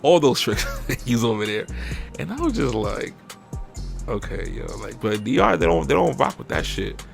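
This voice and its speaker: A young man, hosting a podcast in a profane, animated rant that jumps into mocking high-pitched impressions. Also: normal speed, vocal fry, faint music behind. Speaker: podcast host. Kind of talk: casual uncensored podcast rant.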